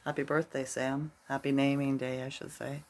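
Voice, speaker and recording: A man's voice: mid-range voice, little pitch movement, normal speed. A middle-aged man vlogging casually, rambling through a story and tagging his sentences with "right?".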